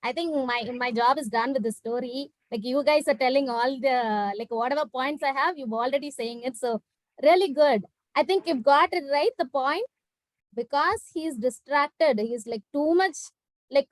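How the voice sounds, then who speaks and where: High-pitched woman teacher telling a story on a video call, lively, lots of "like", dry close sound. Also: moderate pace, no room sound, poor audio. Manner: animated storytelling, acts out quoted characters; frequent "like" fillers.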